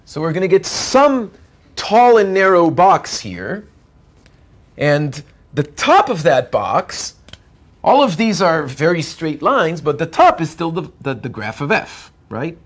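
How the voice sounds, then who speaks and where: Drawing as he goes, a male university lecturer works through a math lecture without hurrying. His pitch swings widely in a sing-song way as he explains each step. He often pauses to check whether the students are following.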